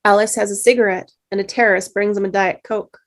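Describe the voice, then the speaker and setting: A woman's voice: mid-range voice, fairly even intonation, fast. Woman reading stage directions. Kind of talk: table read narration.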